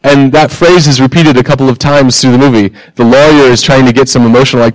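A male pastor delivers a conversational sermon, leaning on rhetorical questions and deliberate pauses. His voice sits at an ordinary middle pitch. The sound is close and dry, with no room echo. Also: fairly even intonation.

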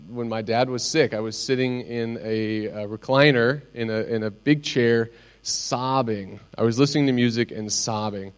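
Middle-aged male pastor, earnest and personal, mid-pitched voice, measured sermon delivery. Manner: earnest, personal storytelling with pauses.

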